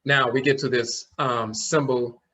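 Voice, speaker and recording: A man's voice: mid-range voice, steady tone, sharp tone, slightly rough. A man teaching an online class, explaining things step by step and sounding out letters as he goes. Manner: explains slowly, demonstrates sounds aloud.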